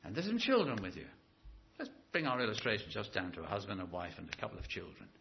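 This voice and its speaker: A man preaching a sermon in a church, animated and stretching key words for emphasis. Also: fairly low pitch, quick pace, gravelly, muffled recording.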